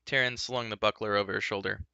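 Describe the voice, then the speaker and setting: A man's voice: steady tone, fast, vocal fry, clean tone, no room sound, lo-fi sound. A man reading a fantasy storybook aloud, giving the characters their own voices. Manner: shifts pitch and loudness for each character's lines. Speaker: audiobook reader.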